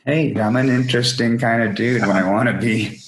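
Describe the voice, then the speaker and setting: This band frontman talks a little fast at a medium pitch with fairly even intonation, telling meandering, salty tales in a relaxed storytelling interview. He impersonates others when quoting them and swears freely. The recording quality is low.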